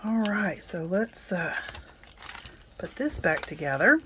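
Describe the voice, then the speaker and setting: Woman, middle-aged, lowish voice, unhurried, chatty with ums, craft unboxing. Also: big pitch swings, noisy background. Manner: chatty, many ums, soft asides. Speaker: craft product reviewer. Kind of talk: casual unboxing demo.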